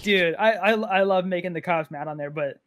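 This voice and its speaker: A young man co-hosting a casual gaming podcast. He talks excitedly, restarts his sentences a lot and keeps saying "dude" and "bro". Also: high-pitched, a little fast. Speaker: podcast co-host.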